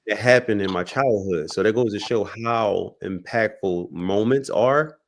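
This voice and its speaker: A man's voice: fairly low pitch, measured pace. A man talking as a podcast guest, telling a personal story in a reflective way with many restarts. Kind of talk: casual conversation.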